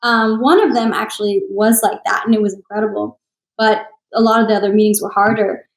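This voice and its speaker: A woman's voice: mid-range voice, level tone, fairly quick. Young woman guest, singer-author, heartfelt candid storyteller in an echoey room. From Texas. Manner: emotional, earnest storytelling with laughs. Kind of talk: candid podcast interview.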